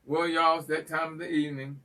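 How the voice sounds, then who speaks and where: A male host of a live call-in class with a folksy, teasing, animated manner. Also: fairly high pitch, brisk, distant mic.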